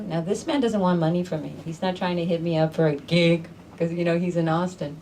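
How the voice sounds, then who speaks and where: A woman with a slightly low voice hosts a grown-up storytelling night in a living room. She tells her own story with animation, laughter and acted-out voices. She is picked up from a distance, with faint room noise around her. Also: steady tone, a little fast, hardly any pauses, darkish tone. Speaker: storyteller host. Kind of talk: live personal storytelling.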